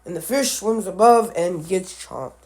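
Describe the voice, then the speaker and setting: A man giving casual commentary on animal matchups, halting and often correcting himself, with offhand musing asides. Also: high-pitched, a little mellow. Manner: halting, with frequent restarts and self-corrections. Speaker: animal video creator.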